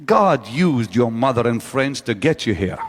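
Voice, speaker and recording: A man's voice: medium pitch, big pitch swings, unhurried, background noise. A man preaching a sermon to a live audience in a large church auditorium, driving his point home with repeated rhetorical questions. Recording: long reverb of a large hall.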